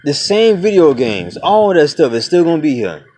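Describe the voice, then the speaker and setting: A man's voice: a little high, very animated, normal speed, darkish tone, a little hiss or hum. A man in his twenties ranting bluntly to his viewers in a casual vlog, swearing freely and calling them "y'all" and "man". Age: 20s. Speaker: vlogger. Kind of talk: casual rant to camera.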